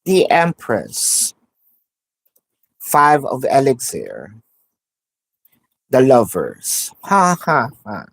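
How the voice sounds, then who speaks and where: A woman's voice: low-pitched, darkish tone, no echo, poor audio. A woman doing a live tarot reading, musing aloud, naming the cards as she draws them and repeating phrases. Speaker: tarot card reader.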